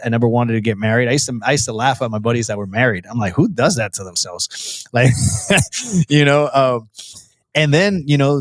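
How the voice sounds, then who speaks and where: A man's voice: mid-range voice, no echo, studio quality. A man as a podcast guest telling his personal testimony in an earnest, storytelling way, with frequent restarts and a casual "bro" to the host.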